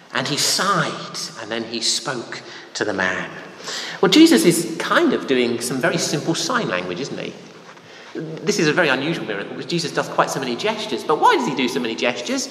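A man's voice: a little high, fairly bright tone, slight background noise. A man preaching a conversational sermon, often asking his listeners rhetorical questions. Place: church hall. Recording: echoey hall, faint room ambience.

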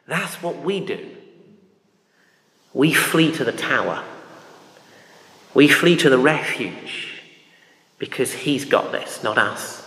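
A man's voice: mid-range voice, pushed and bright. A man preaching a sermon in a loose, conversational way, with anecdotes and frequent ums and uhs. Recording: echoey hall with long reverb.

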